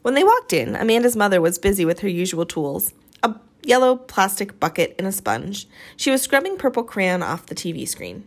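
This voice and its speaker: A woman reading a children's novel aloud with dramatic, expressive storytelling. Her pitch rises and falls a great deal. Clear audiobook narration. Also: fairly quick. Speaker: audiobook reader.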